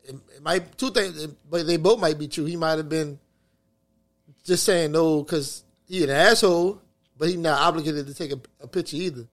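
A man's voice: on the high side, steady tone, normal speed. A young adult man co-hosting a podcast in casual chat, profane and emphatic. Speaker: podcast co-host.

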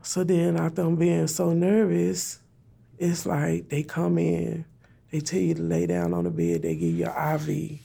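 A woman's voice: on the low side, a little slow, creaky, dark tone, husky. A woman telling an emotional personal story in plain, repeated phrases, speaking her prayers aloud.

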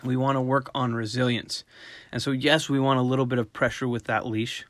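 A middle-aged man, a dog trainer, giving a relaxed, conversational talk on raising puppies and sometimes acting out short voiced examples. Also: mid-range voice, fairly quick, dry recording. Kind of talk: casual instructional talk.

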